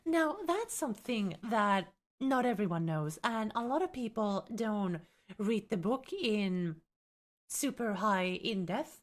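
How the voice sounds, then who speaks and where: Young woman streamer, light Finnish accent, lively, swooping delivery, chatty and teasing with her viewers. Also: medium pitch, slow. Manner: chatty, reacts to viewers, teasing, exasperated laughs. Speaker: streamer and tabletop game content creator. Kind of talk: live stream chat and rulebook reading.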